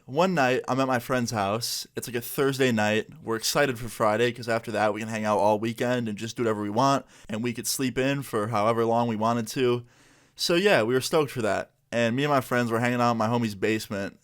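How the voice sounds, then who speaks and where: A man's voice: on the low side, smooth. A young man casually telling a story in a laid-back, slangy way, full of "like" and "you know.". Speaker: vlogger.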